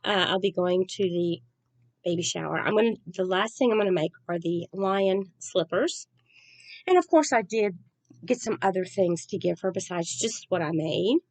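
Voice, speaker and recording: A woman talking in a rambling, chatty and soft-spoken way as a crafting vlogger. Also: fairly low pitch, normal speed, dry recording. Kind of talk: casual chat.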